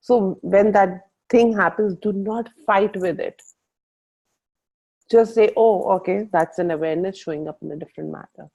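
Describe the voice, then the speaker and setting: A woman's voice: mid-range voice, moderate pace, vocal fry. A woman leading a group coaching call, telling stories animatedly and quoting her own thoughts. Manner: animated storytelling with quoted self-talk. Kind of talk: casual group coaching talk. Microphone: video call. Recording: muffled video-call audio.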